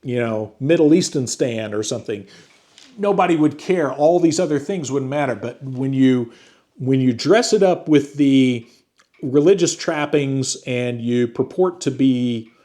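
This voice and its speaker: A man's voice: medium pitch, expressive, measured pace, warm tone. A man hosting a book review channel, talking casually to camera from his home, rambling and conversational with slang like "dude". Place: at home with a chiming antique clock.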